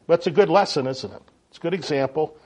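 A man preaching a sermon in a folksy, animated way, often checking in with his listeners. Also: fairly high pitch, fast talker. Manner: folksy, animated, frequent "right?" and "okay?" to the audience. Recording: dull lo-fi sound.

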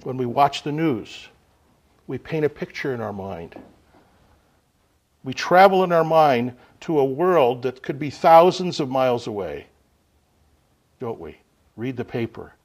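Man preaching, loud then hushed. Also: medium pitch, big pitch swings. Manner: unhurried, with sudden swings between loud emphasis and quiet asides. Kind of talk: sermon.

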